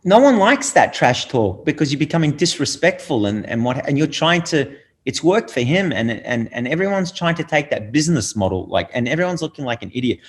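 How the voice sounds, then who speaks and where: A man's voice: fairly high pitch, sing-song, brisk, hardly any pauses. A middle-aged man on a podcast, talking bluntly and preachily, swearing freely. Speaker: podcast guest. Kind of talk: casual podcast conversation.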